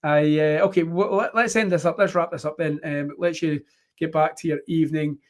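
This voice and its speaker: A man's voice: fairly high pitch, fairly even intonation, a little fast. A man hosting a casual live-stream chat, rambling with many ums and fillers. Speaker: host.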